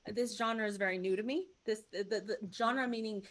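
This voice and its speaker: A woman who is a regular on a film podcast, giving frank, blunt, animated opinions. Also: mid-range voice, a little fast. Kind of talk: casual chat.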